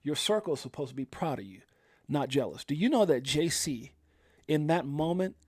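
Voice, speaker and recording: A man's voice: on the high side, animated, normal speed, a little mellow, husky, dry recording, clean studio sound. A middle-aged man hosting a casual livestream, telling a personal story with emphasis and acting out what people said. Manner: emphatic storytelling, acts out quoted exclamations. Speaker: livestream host.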